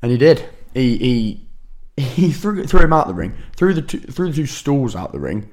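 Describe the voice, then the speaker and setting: A man co-hosting a podcast, telling animated stories in casual chat and swearing freely. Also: mid-range voice, moderate pace. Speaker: podcast co-host.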